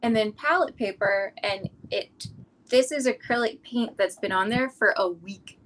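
A middle-aged woman, an artist, chatting casually in an interview, relaxed and rambling with frequent ums. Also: medium pitch, measured pace, low-quality recording. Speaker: artist guest.

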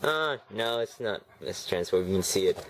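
A man's voice: lowish voice, animated, normal speed, background noise. A man doing a rambling, sarcastic unboxing review at home, grumbling at the packaging. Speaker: toy reviewer. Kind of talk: casual unboxing commentary. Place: home room with TV on behind. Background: TV and a snoring dog.

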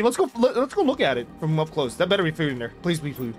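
A young male streamer with a high, bright voice, chatting loudly and crudely to his viewers over a desk mic. He rambles, swears and breaks into yells, with faint game music underneath. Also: sing-song, fast talker. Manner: loud, rambling and profane, bursts into yelling. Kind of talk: casual live-stream chat while gaming.

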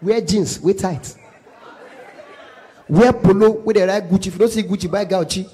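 A man with a Nigerian accent doing stand-up comedy, telling a story in an animated, pidgin-laced way. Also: high voice, normal speed, husky, a faint crowd. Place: live show venue.

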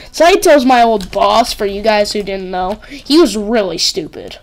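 A woman's voice: medium pitch, lively intonation, unhurried, vocal fry. A woman hosting a casual game commentary, rambling and giggling with lots of "like" and "um". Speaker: gaming channel host. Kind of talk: casual let's-play commentary.

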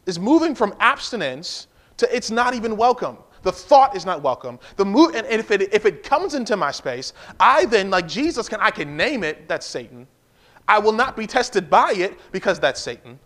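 A man's voice: sits high, very animated, normal speed, hardly any pauses, fairly bright tone. A male pastor preaching a livestream sermon in a conversational way, repeating key lines and stopping for asides to the congregation.

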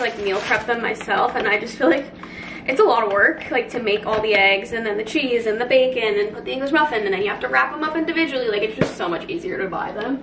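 A bubbly young woman chats her way through a home vlog, her voice sitting fairly high. She talks to the camera and her cats in a chatty, excitable way. A faint hiss sits under the recording. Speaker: vlogger. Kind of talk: casual vlog chat. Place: home bedroom and kitchen.

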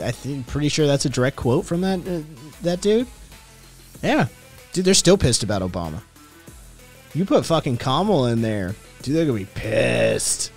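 This podcast host chats casually on a livestream in a mid-range, sing-song voice with a darkish tone, talking at a moderate pace. He's a loose, profane rambler who reacts to the chat, with faint music playing behind him.

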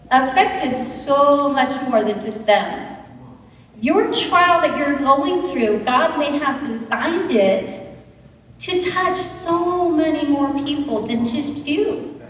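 A woman's voice: high-pitched, very echoey, big-room sound, far from the mic, a little hiss or hum, poor audio. A woman guest speaker giving a sermon in a church, speaking earnestly and straight to the congregation. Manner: earnest, direct address to the congregation.

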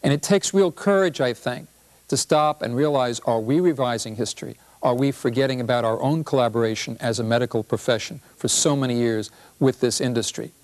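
A man's voice: medium pitch, brisk, a little mellow. A middle-aged man, a physician, giving a lecture-style talk on a health show, wry and storytelling, with rhetorical questions.

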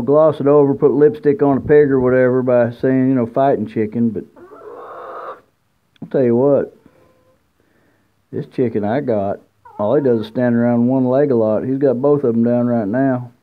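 A man talking casually at a chicken coop outdoors, rambling and teasing, with lots of fillers. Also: medium pitch. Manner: folksy, teasing trash talk with many fillers. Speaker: college football fan vlogger. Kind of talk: casual rambling fan commentary. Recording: tinny phone-like sound outdoors. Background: chickens clucking.

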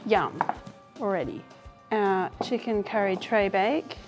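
A woman's voice: mid-range voice, takes it slowly, soft background music. A woman in her thirties hosting a cooking show from her home kitchen. She talks casually and enthusiastically through the recipe and laughs often.

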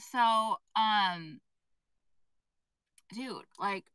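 A woman's voice: medium pitch, a little fast, a bit bright, no room sound, rough recording. A woman who owns a fashion brand, rambling and venting in a casual phone live stream, swearing often and filling with "like". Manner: rambling and exasperated, heavy swearing and fillers. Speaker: fashion brand owner livestreaming to followers. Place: indoors at an appointment.

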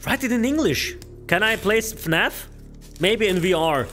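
A male streamer talking casually on a live stream, excitable, swearing often and stumbling over hard names. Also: sits high, a little slow, soft background music.

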